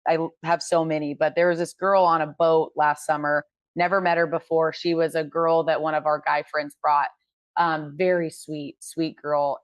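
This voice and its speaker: A woman with a lowish voice, chatting on a podcast and spinning animated stories full of quick asides. The sound is dry and close, with little room around it. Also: dry recording. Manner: animated storyteller, quick asides, laughs often. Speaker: podcast co-host. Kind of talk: casual chat.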